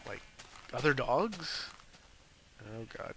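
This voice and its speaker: Lively chatty man, gameplay commentary. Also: medium pitch, slow pace, a little hiss or hum. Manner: chatty, rambling, talks fondly to his pet wolf. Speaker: gaming video host.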